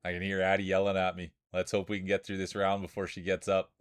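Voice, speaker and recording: A man's voice: low-pitched, completely flat delivery, fast, clear, resonant tone. A man with a Canadian accent, streaming and calling a marble race in a playful, hyped sportscaster manner. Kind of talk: mock race commentary.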